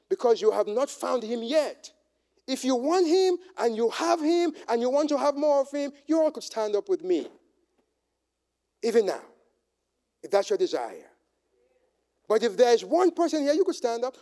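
A man with a high voice preaches, his pitch rising and falling widely from line to line. He drops to near-whispers, then builds to shouted proclamations as he calls listeners forward. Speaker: pastor. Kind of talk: sermon with altar call. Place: church sanctuary.

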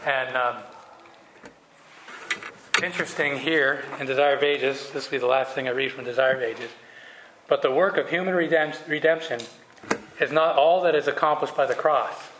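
A man's voice: medium pitch, normal speed, long pauses, a bit bright. A man leading a Bible study, reading scripture aloud and then explaining it casually with fillers. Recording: echoey room with faint noise.

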